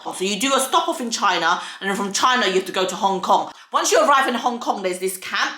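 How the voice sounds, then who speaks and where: Young woman vlogger, crisp bright tone, roomy echo, casual storytelling. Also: medium pitch, expressive, a little fast, hardly any pauses. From United Kingdom. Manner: earnest, candid, slangy retelling. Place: home filming set.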